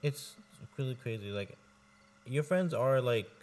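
A man's voice: medium pitch, expressive, unhurried, darkish tone. A man co-hosting a podcast, chatting casually and rambling, with lots of filler words and swearing. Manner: rambling, swears often, heavy use of "like". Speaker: podcast co-host. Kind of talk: casual chat.

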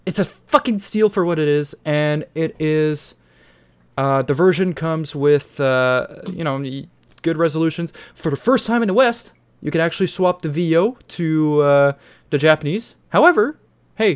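Profane, excitable man hosting a podcast. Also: on the high side, normal speed, clear, resonant tone. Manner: profane, excitable, laughs often. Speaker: podcast co-host. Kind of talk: casual podcast chat.

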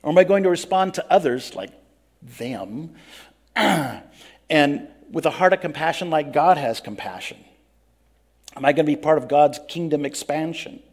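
A man's voice: on the high side, animated, unhurried. An actor playing a grumpy biblical prophet who complains a lot, telling his own story in first person in an interview, plain-spoken and earnest. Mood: reflective. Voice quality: earnest, plain-spoken, breaks into pleading outbursts. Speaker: interviewee in character.

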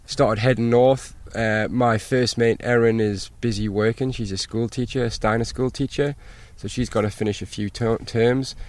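A man, a sailboat captain, telling lively stories in a casual interview and acting out the things people said. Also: mid-range voice, normal speed, hardly any pauses, no room sound. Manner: animated anecdotes, acts out quoted exchanges. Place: outdoors by an anchored sailboat.

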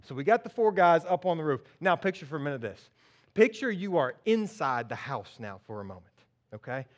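A man preaching a sermon in a church, telling a story with lively acted-out voices. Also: on the high side, a little fast. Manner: animated storytelling, acts out characters. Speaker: pastor.

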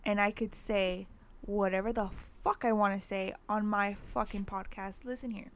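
A woman's voice: medium pitch, fairly even intonation, moderate pace. A young woman hosting a casual podcast from home, talking bluntly and candidly with heavy cursing. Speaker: podcast host.

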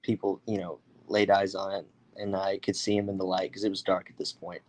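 Speaking fairly quickly, a young guest storyteller from the US relates a tale in a lively, easygoing manner. He has a somewhat low voice, switches into character voices when quoting others, and leans heavily on fillers.

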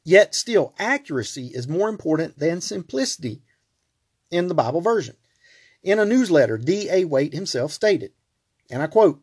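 A man leads a Bible study lecture in a fairly high voice with a husky edge to it. He talks in a plain teaching manner, reads quotes aloud and spells names out letter by letter. He often repeats a word as he restarts a thought. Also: very animated, moderate pace, a little mellow.

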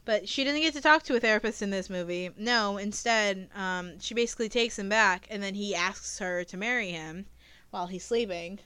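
A woman's voice: medium pitch, moderate pace, bright, forceful tone, smooth, no echo. A woman co-hosting a podcast, casually retelling a movie plot in a rambling, profane way with lots of fillers. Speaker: podcast co-host. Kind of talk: casual movie review chat.

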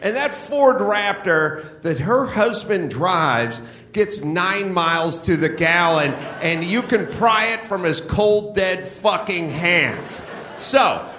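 Profane ranting comedy host. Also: male voice, high voice, expressive, takes it slowly, pushed and bright. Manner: profane, blunt, mocking rants. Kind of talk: ranting live comedy monologue. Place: live show venue. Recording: echoey live venue.

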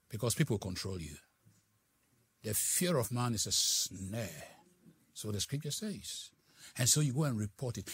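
A middle-aged male pastor preaching a sermon, swinging from soft, hushed asides to loud, dramatic exclamations. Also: mid-range voice, big pitch swings, unhurried, long pauses, slightly rough.

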